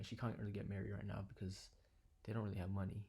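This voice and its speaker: Young male vlogger, quiet and sincere, low gravelly delivery, flat and even in tone. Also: fast. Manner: quiet, low-key and earnest, sometimes dropping to a whisper. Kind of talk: reflective personal vlog. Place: living room at home.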